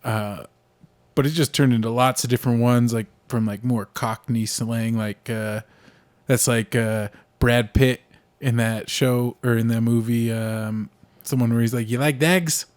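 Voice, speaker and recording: A young American podcast co-host talks politics and movies at a measured pace, his medium-pitched, darkish voice showing little pitch movement. His casual delivery rambles, full of fillers and restarts.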